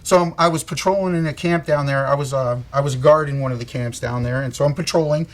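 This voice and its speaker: Male co-host on a live stream. Slightly raised pitch, tells a long story loosely and profanely. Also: fast. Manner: rambling, swears a lot, laughs often.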